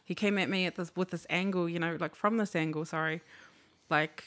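A woman, chatting casually as a podcast co-host. Her voice sits a little low for a woman. She talks candidly, swears freely and acts out the lines of people in her stories. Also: fairly even intonation, fairly quick, fairly bright tone. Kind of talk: casual chat.

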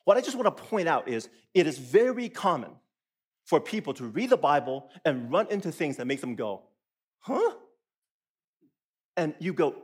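A man preaching a sermon as a pastor in a church, animated and playful, acting out his listeners' reactions. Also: a little high, slightly rough. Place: church auditorium.

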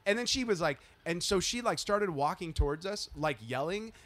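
A man's voice: sits high, normal speed. A man hosting a podcast, telling a story in casual chat and acting out the people in it. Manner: animated storytelling, acting out quotes. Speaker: podcast host.

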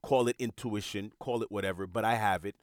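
A man's voice: on the low side, steady tone, a little fast, no echo, clean studio sound. A man hosting a podcast, talking in an earnest, reflective monologue and repeating words as he searches for them. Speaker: podcast host.

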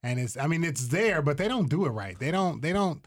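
A man in easygoing podcast banter, often jumping in on the other host. His voice sits a bit high and swings widely in pitch. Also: a little fast. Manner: relaxed, chiming in, with restarts. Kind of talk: casual chat.

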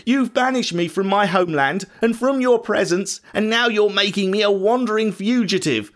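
A man's voice: high voice, moderate pace, natural voice. A man doing bitter, sullen Cain. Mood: complaining. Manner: sullen, complaining.

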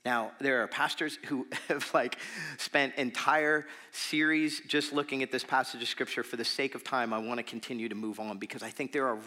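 A man in his thirties preaching a sermon in a church, telling a story with lively fillers and turning softer and earnest. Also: medium pitch, moderate pace. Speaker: pastor.

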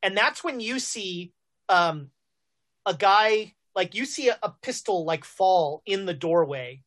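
A woman's voice: medium pitch, animated, a little slow. A woman narrating as game master of a tabletop game, loose and chatty, with frequent fillers and restarts. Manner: loose and chatty, many fillers and self-corrections.

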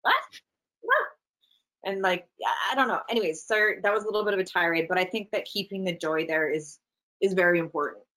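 A middle-aged actress from Canada, telling stories in a casual, animated interview. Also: female voice, lowish voice, low-quality recording. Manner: animated, chatty, quick asides. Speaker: actress, guest.

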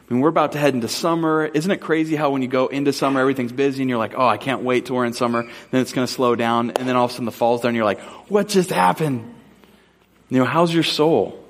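A man from Southern California preaching a sermon as pastor, telling stories casually with lots of "like" and "um" before slowing into earnest questions. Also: medium pitch.

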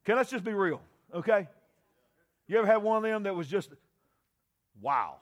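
A man preaching a sermon, often shouting and calling for responses from the congregation. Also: sits high, expressive, normal speed. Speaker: pastor.

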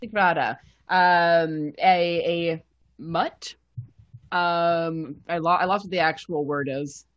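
A woman's voice: lowish voice, steady tone, takes it slowly, muffled recording. A woman playing in a tabletop game, chatting playfully about her character. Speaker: player. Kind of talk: casual chat.

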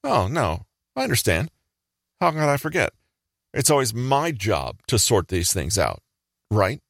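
A man voicing a passive-aggressive friend who sounds sweet while hiding a sting, speaking higher than his own voice. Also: huge pitch swings, a little slow, gravelly, fairly bright tone, no room sound, clean studio sound, full character voice. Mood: sugary. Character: sugary, passive-aggressive friend feigning hurt.

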